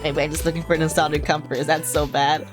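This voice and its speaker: A lonely, awkward man calls a hotline and rambles sheepishly about his troubles, read aloud by a woman with a low voice. The lines come hesitant and a little fast. Faint game music sits underneath. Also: little pitch movement, natural voice.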